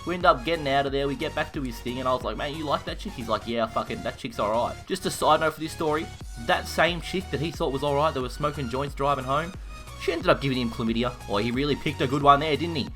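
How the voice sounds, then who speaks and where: A young Australian man telling a story in a rowdy, profane, animated way. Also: medium pitch, fast talker, over music. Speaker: YouTuber. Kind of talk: casual storytelling while gaming.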